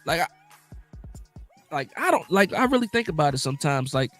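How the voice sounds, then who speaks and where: A man hosting a casual live sports talk stream, animated and emphatic, often repeating himself for emphasis. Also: a little high, fairly quick, soft background music.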